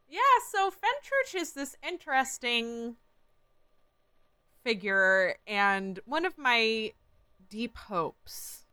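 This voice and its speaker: Bright, slow-speaking enthusiastic woman. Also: a little high, big pitch swings, smooth, no room sound. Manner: enthusiastic, dreamy. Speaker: podcast co-host. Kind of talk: casual chat.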